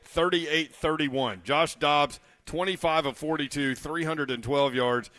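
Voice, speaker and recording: A man's voice: fairly high pitch, sharp tone. A man co-hosting sports talk radio, casual and conversational, reading off game stats. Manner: reads off stats, quick and conversational. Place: radio studio.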